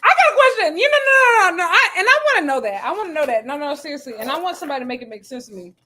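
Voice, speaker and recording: Woman, co-host, casual chat, animated, high voice. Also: rapid-fire. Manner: animated, playful, laughs a lot. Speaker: podcast co-host.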